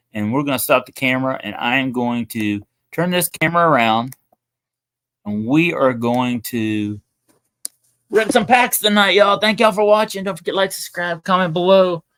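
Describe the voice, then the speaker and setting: Young man, livestream host, rambling, chatty, talks to viewers, middle pitch. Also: moderate pace, a bit bright, clean tone. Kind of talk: casual livestream chat.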